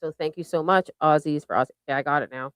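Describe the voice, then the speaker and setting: Low-voiced woman hosting a livestream. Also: fast, clean tone, no echo. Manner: bubbly, thanks viewers by name. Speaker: show host. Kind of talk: casual livestream chat.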